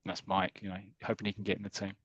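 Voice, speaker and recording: A man's voice: sits low, monotone, rapid-fire, fairly bright tone, no room sound, dull audio. A British man co-hosting a podcast, casually recapping a comic in a rambling way with many restarts. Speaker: podcast co-host.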